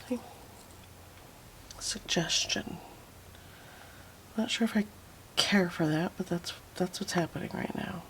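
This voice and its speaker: A woman's voice: lowish voice, unhurried, pauses often, slight background noise. A woman teaching a watercolor painting tutorial, talking to herself as she works and often slipping into a whisper. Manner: soft, often drops to a whisper while painting; relaxed, self-talking, fond of little asides.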